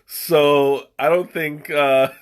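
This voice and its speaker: A man's voice: on the high side, steady tone, extremely slow. A man hosting a casual live stream over tea, rambling and chuckling, often trailing off mid-sentence. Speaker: livestream host tasting tea. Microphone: webcam.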